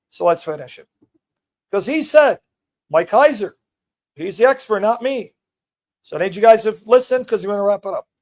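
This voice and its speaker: A man's voice: sits high, darkish tone. A man hosting a livestream, reading a passage aloud and commenting on it with emphatic rhetorical questions to his viewers. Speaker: host of a livestream. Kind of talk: live teaching and commentary, reading a text aloud.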